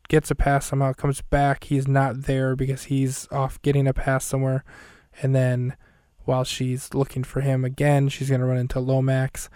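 Smooth-voiced man casually recapping a movie. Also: mid-range voice, a little mellow, no echo, studio quality. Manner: rambling, self-correcting, light and jokey. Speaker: podcast host recapping a film minute by minute. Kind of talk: casual chat.

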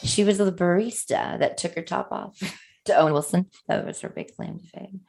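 A woman's voice: fairly low pitch, moderate pace, vocal fry, darkish tone. A middle-aged woman chatting candidly, telling a story animatedly and acting out the voices of the people in it. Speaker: guest. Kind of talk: candid casual chat.

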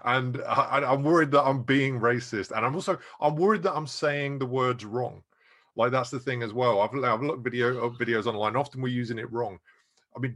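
A man's voice: medium pitch, fairly bright tone. English man co-hosting a podcast chat, candid and hesitant, given to second-guessing himself. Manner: candid, hesitant, self-questioning. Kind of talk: casual discussion.

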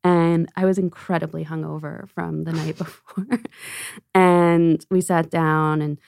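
Low gravelly-voiced woman telling stories. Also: measured pace, dry recording, clean studio sound. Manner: animated storyteller, acts out quotes, laughs often. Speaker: restaurant owner and wine buyer guest. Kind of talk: casual podcast conversation.

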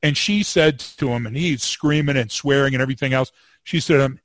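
A man co-hosting a podcast, a former police field training officer telling a story with wry humor and lively delivery. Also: mid-range voice, brisk. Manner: animated storyteller, wry humor, repeats words when starting. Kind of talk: casual storytelling chat.

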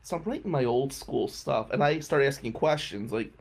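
Male radio host telling a story, keeps clearing his throat, middle-pitched, chuckles in it. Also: moderate pace. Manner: clears throat often, chuckles mid-sentence. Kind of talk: casual comic storytelling.

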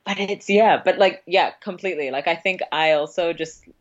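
A woman's voice: lowish voice, moderate pace, lo-fi sound. A woman in her twenties with a British accent that fades in and out, chatting casually as a podcast guest and laughing often. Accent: British, fading. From Britain. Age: 20s. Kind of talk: casual chat.

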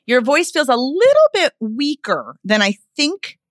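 Animated woman vocal coach, dry sound. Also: high voice, measured pace, no echo. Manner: expressive, demonstrates vocal points. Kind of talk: coaching in a podcast conversation.

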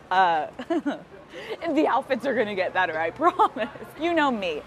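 Bubbly, high-voiced woman podcast host. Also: sing-song, a little slow, slight background noise. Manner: bubbly, swears freely, laughs often. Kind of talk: travel vlog, talking to camera. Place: outdoors on city streets.

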